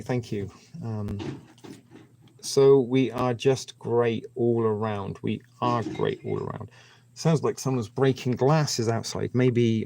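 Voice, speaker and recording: A man's voice: on the low side, vocal fry, a little mellow, slight background noise. A man hosting a casual live stream, rambling and chatting with viewers by name.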